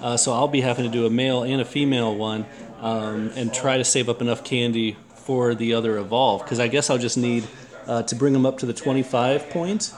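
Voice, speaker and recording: Guy hosting a chill podcast, talks loose with lots of ums, busy crowd chatter behind him. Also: mid-range voice. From Texas. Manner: relaxed, chatty, frequent fillers and restarts. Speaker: podcast host. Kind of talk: casual chat.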